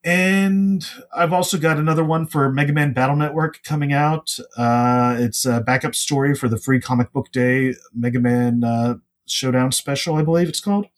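Male podcast guest, mid-pitched, casual and meandering. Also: normal speed. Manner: rambling, full of "uh" fillers. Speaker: podcast guest, comics writer.

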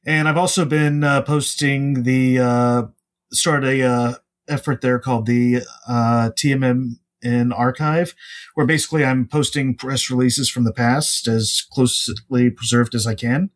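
Male podcast guest, mid-pitched, casual and meandering. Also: fairly even intonation, a little slow. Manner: rambling, full of "uh" fillers. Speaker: podcast guest, comics writer.

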